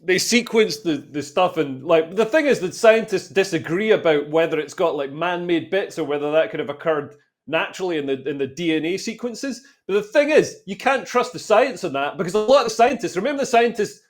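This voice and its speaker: A man's voice: sits high, expressive, brisk. A man, co-hosting a comedy podcast and arguing his point with frequent restarts and swearing. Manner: sweary, argumentative, restarts a lot. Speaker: podcast co-host. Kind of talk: casual comedy podcast chat.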